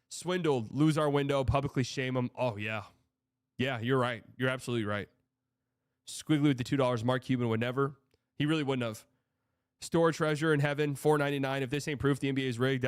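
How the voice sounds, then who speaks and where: A man's voice: mid-range voice, smooth, no room sound, clean studio sound. A young man hosting a casual sports livestream, reading out donations and rambling with exasperated, profane reactions. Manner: exasperated, rambling, swearing, reads donor messages aloud.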